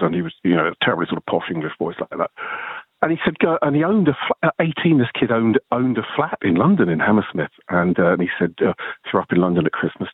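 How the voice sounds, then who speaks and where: A man in his sixties calling into a radio show, telling an animated story and acting out the voices of the people in it. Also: sits low, slightly rough, dry recording. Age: 60s. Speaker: caller. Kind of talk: phone-in anecdote. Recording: tinny phone line.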